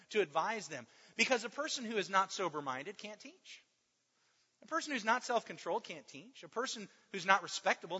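A man with a high, forceful voice preaches in a church, stressing points and putting questions to his listeners. His voice rings out with a long hall reverb, and the sound is slightly dull. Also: slightly rough. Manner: animated, emphatic teaching with rhetorical questions. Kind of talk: sermon.

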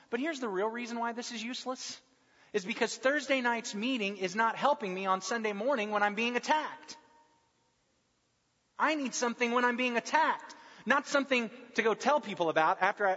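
A pastor preaching a sermon in a conversational, humorous way that often slips into mimicking people. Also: male voice, sits high, a bit bright, husky. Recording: dull sound with long hall reverb.

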